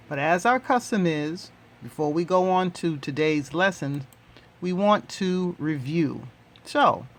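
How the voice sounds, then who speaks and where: A man hosting and teaching a language lesson, repeating each word three times in a deliberate way. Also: a little high, a bit bright. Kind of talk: slow, repetitive language lesson.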